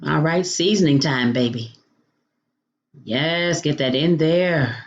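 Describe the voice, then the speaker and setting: A woman's voice: deep voice, takes it slowly, highs cut off. A woman hosting a home cooking demonstration, chatty and playful, calling viewers honey and baby. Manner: playful food exclamations. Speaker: cooking show host.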